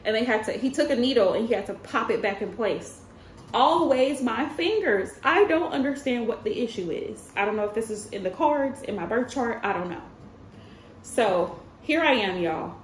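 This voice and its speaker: A woman's voice: fairly high pitch, lively intonation, normal speed, a little hiss or hum. A woman in her thirties streaming as a tarot reader, telling a story in a chatty way, talking straight to her viewers and laughing often. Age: 30s. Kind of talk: casual livestream storytelling. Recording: roomy echo with faint ambience.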